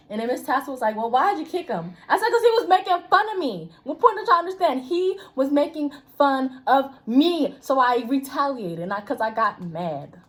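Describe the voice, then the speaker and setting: A young woman with a high voice tells a school story in casual chat. She talks bluntly and swears freely, and she acts out the other people's lines as she goes. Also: normal speed. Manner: blunt, profane, animated storyteller.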